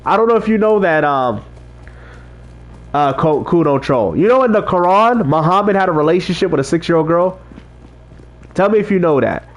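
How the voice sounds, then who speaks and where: High-voiced man preaching to his chat. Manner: talks straight to chat, repeats himself, preachy street-evangelist talk. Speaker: livestream host reading chat. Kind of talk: casual livestream chat about faith.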